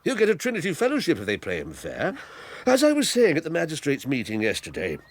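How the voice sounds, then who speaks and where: A fond, talkative old squire in a period radio play, rambling from one thing to the next. His husky, gravelly voice swoops up and down with great liveliness. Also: fairly high pitch, wildly swooping pitch, fast, no echo, full character voice. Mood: proud. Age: older. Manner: bluff, rambling and fatherly. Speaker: Squire Hamley. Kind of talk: 1980s radio drama acting.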